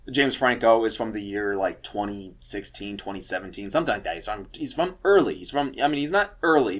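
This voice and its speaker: A young man giving casual film recommendations, rambling with lots of fillers and swearing freely. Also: mid-range voice. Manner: rambling and profane, many fillers. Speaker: film reviewer.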